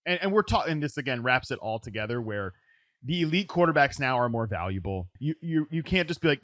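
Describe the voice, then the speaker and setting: Animated man hosting a sports podcast. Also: medium pitch, dry recording. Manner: animated, quick restarts, lots of "like" and "right?". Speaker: podcast host. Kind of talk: casual fantasy football chat.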